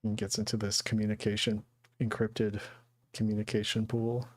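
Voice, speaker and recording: A man hosting a live drawing show, narrating an improvised story in an offhand, low-key way with crude jokes. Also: completely flat delivery, normal speed, darkish tone.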